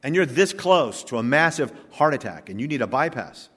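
A man preaches a sermon from a church pulpit, pressing his points hard and slipping in dry jokes. His voice sits at an ordinary male pitch. A long hall reverb trails after each phrase. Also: big pitch swings, normal speed, fairly bright tone, husky. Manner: emphatic preaching with joking asides. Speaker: pastor.

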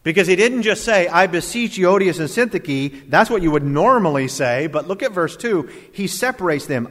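A man preaching a sermon as pastor, animated and jokey with quoted asides. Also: sits high, normal speed. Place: church. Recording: long hall reverb.

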